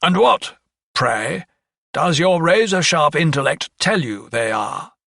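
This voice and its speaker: A man's voice: mid-range voice, expressive, moderate pace, creaky, pushed and bright, no echo, clean studio sound, far from the mic, full character voice. A man voicing a ruthless, scheming English lawyer who talks in a sneering, sardonic way.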